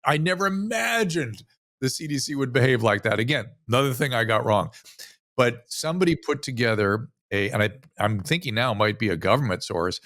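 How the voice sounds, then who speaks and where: A physician from the United States speaking as an interview guest, telling a story animatedly with frequent restarts. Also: male voice, medium pitch, animated, a little fast, a bit bright, dry recording, clean studio sound. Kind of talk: casual interview conversation.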